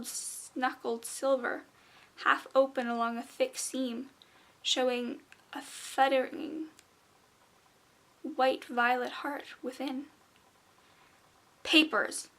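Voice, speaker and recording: A woman reading a children's fantasy book aloud in a measured, expressive way. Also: high voice. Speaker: audiobook reader. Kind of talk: storybook narration.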